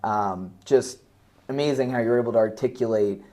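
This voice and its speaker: A man's voice: medium pitch, moderate pace, warm tone, a little hiss or hum. Easygoing male podcast host. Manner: affirming, easygoing interviewer. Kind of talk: casual interview.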